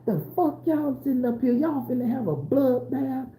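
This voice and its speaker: A man puts on a fierce old grandmother, pitched high above his own voice. She shouts profane orders with fearless authority. The room rings with echo. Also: moderate pace, slight background noise. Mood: commanding.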